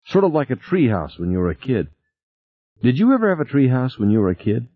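A man's voice: medium pitch, big pitch swings, brisk, dry recording, pitched above the performer's own voice. A male reader voicing an anxious woman scientist with a wry, nervous way of talking. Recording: tinny phone-like sound.

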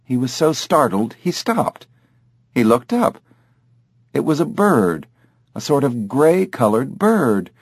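A man narrating an audiobook in a measured, expressive way. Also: mid-range voice, breathy edge, no room sound, clean studio sound. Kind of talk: scripted narration.

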